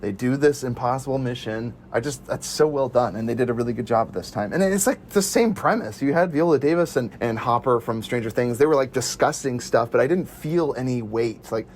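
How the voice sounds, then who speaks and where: A man leads a relaxed movie chat with friends, his voice sitting at an ordinary middle pitch. He talks with eager enthusiasm and laughs often. Faint noise hums under the recording. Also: fairly quick, hardly any pauses. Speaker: podcast host. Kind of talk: casual movie review chat.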